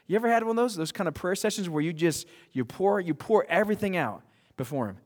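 A man preaching a sermon as pastor, animated, often restarting and repeating words, laughing now and then at his own stories. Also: high voice, fast. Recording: long hall reverb.

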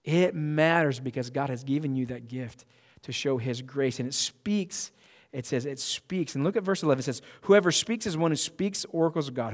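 Man preaching in an echoing hall. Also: mid-range voice. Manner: emphatic, conversational preaching with frequent restarts. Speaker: pastor. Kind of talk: sermon. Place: church sanctuary.

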